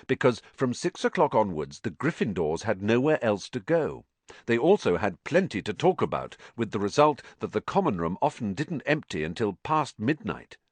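Expressive low-voiced male narrator. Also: moderate pace, no echo. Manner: expressive, varied character voicing. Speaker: audiobook narrator.

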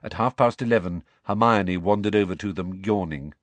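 A man's voice: lowish voice, normal speed, hardly any pauses, no echo. A man narrating a children's fantasy novel aloud, expressively, shifting his voice for each character. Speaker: audiobook narrator. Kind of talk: scripted storybook narration.

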